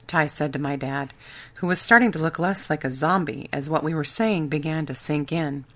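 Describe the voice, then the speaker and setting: A woman's voice: low voice, moderate pace, fairly bright tone. A woman narrating a first-person audiobook with a wry, sarcastic edge.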